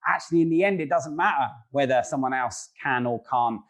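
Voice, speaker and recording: A man's voice: mid-range voice, fairly quick. A man hosting a casual book discussion, talking thoughtfully and hesitantly, with frequent restarts.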